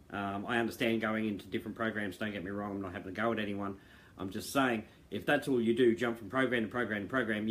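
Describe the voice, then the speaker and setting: Middle-aged man, earnest rambling talk to members over a video call, lots of fillers. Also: medium pitch. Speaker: founder addressing members. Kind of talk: casual monologue to viewers. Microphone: video call mic.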